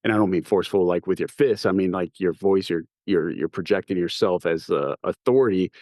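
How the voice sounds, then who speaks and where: A man's voice: sits low, brisk, darkish tone, no echo, studio quality. A man, a police officer, talking earnestly on a podcast and stressing "you gotta.". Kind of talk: casual podcast chat.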